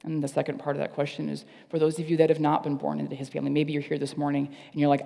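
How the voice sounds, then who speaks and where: A man's voice: a little high, little pitch movement, very fast, gravelly, few pauses, warm tone, in a large hall. A man preaching a sermon as pastor, earnest and repeating phrases for emphasis. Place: church service.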